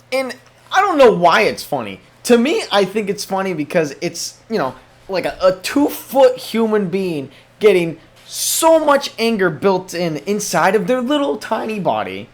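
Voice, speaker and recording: Rambling, swearing young man. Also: sits high. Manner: profane, rambling, many restarts. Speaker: podcast host. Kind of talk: casual solo podcast monologue.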